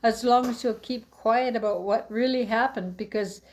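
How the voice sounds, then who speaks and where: A woman's voice: a little high, moderate pace, darkish tone, pitched above the performer's own voice, close to an everyday voice. A woman voicing a fretful male innkeeper who pleads in a wheedling tone. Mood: pleading. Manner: wheedling, hand-wringing pleading.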